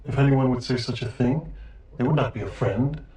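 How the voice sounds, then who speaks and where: An actor playing a gangster who speaks formally and smoothly, feigning loyalty, in a film drama. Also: male voice, mid-range voice, normal speed, warm tone, lightly acted. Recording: roomy film soundtrack.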